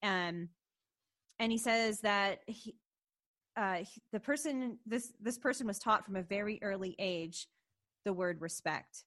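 A woman co-hosting a podcast, recapping a show in casual chat, giggly and animated with many fillers. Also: mid-range voice, unhurried. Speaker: podcast co-host.

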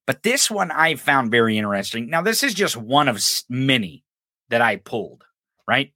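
Guy ranting on his podcast, swears a lot, bright voice, bouncy pitch, dry sound. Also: no echo. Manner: animated, swearing, mocking. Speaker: podcast host. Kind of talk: profane political commentary.

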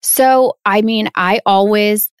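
A woman chatting as a podcast guest from her home closet, talking openly and acting out quoted lines in lively voices. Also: medium pitch, slow, clear, resonant tone, no echo, studio quality. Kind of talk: casual conversational interview.

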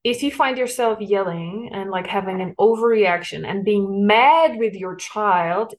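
A woman hosting a solo parenting podcast, explaining in an earnest, coaching way with frequent light laughs. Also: on the low side.

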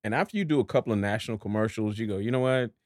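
A middle-aged man from Dallas, an actor guest in an interview, telling stories in an animated way and acting out other people's voices. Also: fairly low pitch, racing, no echo, clean studio sound. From Dallas, Texas. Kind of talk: storytelling interview.

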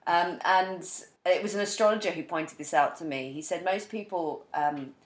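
A woman's voice: fairly low pitch, normal speed, roomy sound. A woman co-hosting a casual podcast chat, talking with frequent laughs and self-mocking asides. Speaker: podcast co-host.

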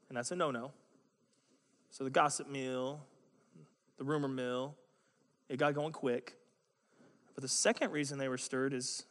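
A man preaching a sermon in a conversational, animated way, with joking asides. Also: a little high, in a large hall.

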